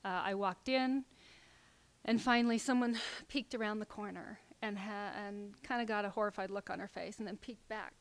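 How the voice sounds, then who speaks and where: A middle-aged woman telling a personal story to an audience, halting and filler-heavy, sometimes dropping to a near whisper. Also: mid-range voice, fairly even intonation.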